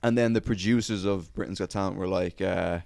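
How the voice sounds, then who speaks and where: A man's voice: deep voice, fairly even intonation, fairly quick, gravelly, a little mellow. A man hosting a podcast, telling stories in casual chat, rambling with lots of "uh" and casual swearing. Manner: rambling storyteller, swears freely, many "uh"s. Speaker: podcast host.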